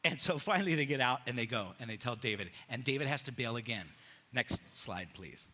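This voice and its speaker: Bright, animated man preaching. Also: mid-range voice, fairly quick. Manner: animated storytelling, acting out biblical characters with casual slang. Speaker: pastor. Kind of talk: sermon. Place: church sanctuary with slides.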